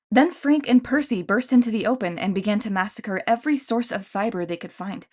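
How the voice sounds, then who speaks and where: A woman narrating a fantasy novel as an audiobook reader in a steady storytelling manner. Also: mid-range voice.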